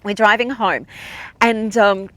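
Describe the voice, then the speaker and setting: A woman, perhaps in her thirties, hosts a podcast and tells a personal story. Her talk is chatty and heartfelt, full of "like" and small restarts, at an average pitch for a woman. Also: steady tone, takes it slowly, fairly bright tone, dry recording. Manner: chatty and emotional, many "like" fillers. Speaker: podcast host.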